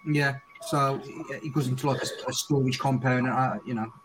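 A man's voice: medium pitch, steady tone, normal speed, background noise. A man with a Scouse accent, hosting a casual group podcast chat and talking in rambling, swearing sentences. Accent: English, Scouse. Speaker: podcast host.

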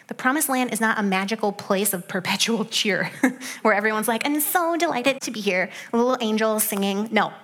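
Young woman preacher, fairly high voice, chatty and animated, dips to soft hushed tones. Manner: conversational, animated asides, soft hushed stretches. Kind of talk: sermon.

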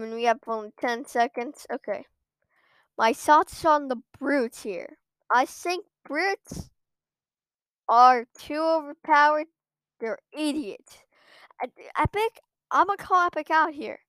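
High-voiced woman ranting over gameplay. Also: a bit bright, smooth, dry recording. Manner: exasperated ranting with frequent outbursts. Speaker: gamer streaming her own play. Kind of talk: live gameplay commentary. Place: at a computer.

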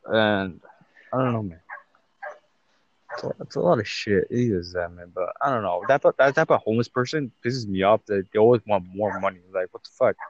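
A man's voice: fairly low pitch, fairly quick, no room sound, dull audio. A young man co-hosting a casual podcast, talking in slangy, profane banter and calling his friend "fool" and "bro". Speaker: podcast co-host. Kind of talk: casual chat.

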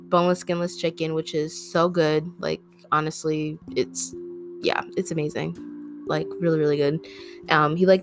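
Chatty young woman, soft music behind. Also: lowish voice. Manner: rambling, filler-heavy, earnest. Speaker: vlogger. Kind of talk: casual storytelling to camera. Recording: faint guitar music behind.

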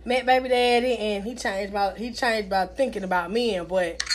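A young woman in casual chat, telling stories loudly and brashly with plenty of cussing. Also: mid-range voice, moderate pace. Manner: loud, brash storytelling, cussing freely.

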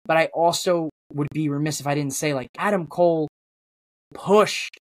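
A man's voice: on the high side, moderate pace, no echo. A man guesting on a wrestling podcast, rambling through theories in casual chat, with lots of restarts.

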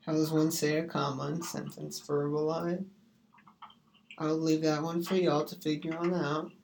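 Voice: mid-range voice, little pitch movement, normal speed, vocal fry, a little mellow. A streamer rambling in a casual chat, goofy, breaking into sing-song rhymes and silly put-on voices.

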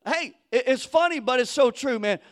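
A man preaching a sermon in casual slang, acting out quoted voices and building to fiery shouts. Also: extremely high pitch, animated, moderate pace. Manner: casual street slang, acts out quoted people. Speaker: pastor.

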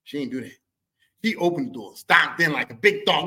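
Man, high voice, podcast host, comic storytelling, animated and profane. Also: brisk, husky.

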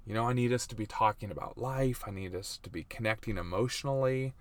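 A man putting on a mock girly voice to play his wife, raised in pitch and a little louder. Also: quick pace, dry recording, close to an everyday voice. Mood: earnest. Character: his wife, a woman in a relationship.

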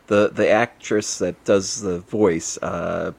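A man co-hosting a cartoon podcast in casual chat, chatty and quick to correct others with facts. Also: deep voice, steady tone, vocal fry. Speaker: podcast co-host.

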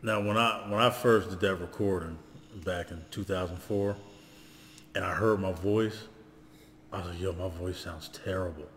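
Deep, booming man in an echoey room. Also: steady tone, normal speed, a bit bright. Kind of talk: casual chat. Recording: echoey room, long reverb, faint noise.

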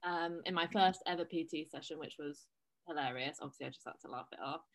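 A woman co-hosting a casual fitness chat, frank and quick to swear. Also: low-pitched.

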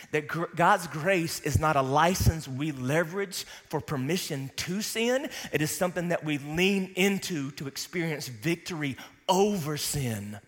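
A man's voice: a little high, lively intonation, unhurried, few pauses, in a large hall. A man preaching a sermon to a congregation, emphatic and calling out for responses. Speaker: pastor.

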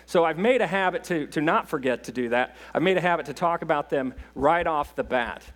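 A man speaks from a church pulpit as a visiting missionary. He talks in a folksy, halting way and pokes fun at himself. His voice sits slightly high. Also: lively intonation, a bit bright. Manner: folksy, self-deprecating humor, halting restarts. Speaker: guest preacher, missionary. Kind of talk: sermon, casual storytelling. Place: church sanctuary.

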